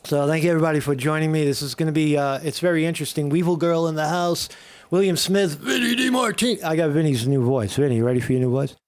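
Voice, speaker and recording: A man's voice: a little high, lively intonation, fast talker. A man hosting a live morning stream in a casual, irreverent way, full of fillers and restarts. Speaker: host of a live morning show.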